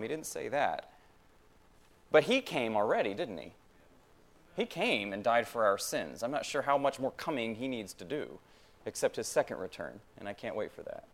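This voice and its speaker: A man preaching a sermon in a church, talking conversationally, asking the congregation rhetorical questions and repeating phrases for emphasis. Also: medium pitch. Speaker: pastor.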